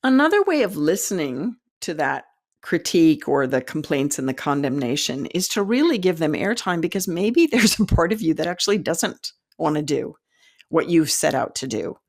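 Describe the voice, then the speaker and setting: A middle-aged woman speaks straight to the camera as a spiritual teacher, earnest and encouraging, laughing lightly as she goes. Her voice sits low and has a gravelly fry to it. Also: very animated, moderate pace. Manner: earnest and encouraging, with frequent laughs and self-talk quotes. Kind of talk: direct-to-camera teaching talk.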